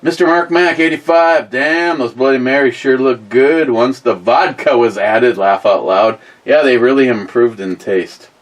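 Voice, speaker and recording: A man's voice: mid-range voice, measured pace, few pauses, low-quality recording. A man hosting a casual live stream, reading viewer comments aloud and answering them with crude, rambling jokes and lots of fillers. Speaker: beer review livestream host.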